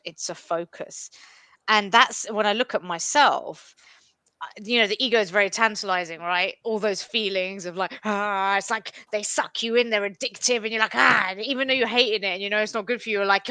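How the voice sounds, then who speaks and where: Bright-voiced woman in spiritual chat. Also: medium pitch, clear, resonant tone, no echo. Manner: animated, emphatic, shifting pace. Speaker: podcast co-host.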